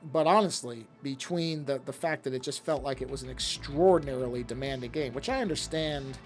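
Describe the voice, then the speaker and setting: A man's voice: mid-range voice, a little fast, soft background music. A man streaming live while drawing, chatting casually and rambling from one thought to the next, talking to himself as he works. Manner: rambling, self-talk, easily sidetracked.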